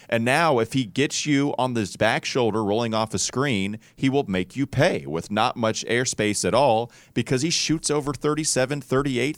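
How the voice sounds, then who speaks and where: A man from North Carolina hosting a sports podcast, talking casually in an animated, rambling way. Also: medium pitch, no room sound. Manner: animated, rambling, self-interrupting. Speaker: podcast host.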